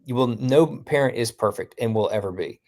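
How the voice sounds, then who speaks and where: A middle-aged man, a guest, telling family stories in casual conversation, halting and restarting often. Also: mid-range voice, dark tone. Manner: storytelling, halting with restarts, quotes his family.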